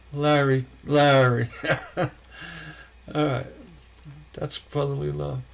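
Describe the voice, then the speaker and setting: A man's voice: fairly high pitch, flat delivery, very slow, vocal fry, long pauses, low-quality recording. A man hosting a casual stained glass livestream, rambling and chuckling as he reacts to viewers' posts, often stammering and repeating words.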